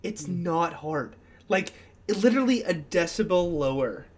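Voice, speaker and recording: A man co-hosting a casual podcast chat, animated and excitable, tripping over many "like" fillers and restarts. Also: fairly high pitch, unhurried. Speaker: podcast co-host.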